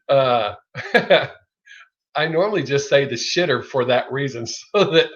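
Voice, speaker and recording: This livestream host is a middle-aged Southern US man whose medium-pitched voice has a slightly bright quality. His casual live chat wanders, full of laughter and easy profanity, captured in dull, lo-fi audio.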